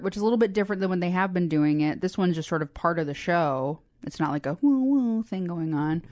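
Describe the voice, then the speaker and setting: Casting: low-pitched sarcastic woman podcaster, dry close sound. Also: no echo. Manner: sarcastic, laughs often. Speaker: podcast co-host. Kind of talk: casual chat recapping a cartoon.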